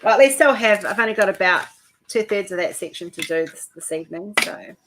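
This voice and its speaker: A woman's voice: mid-range voice, expressive, a little fast, noisy background. A woman hosting a casual chat while she works on a craft, talking in a rambling way with many restarts, nauseous. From New Zealand. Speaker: host of a craft chat stream.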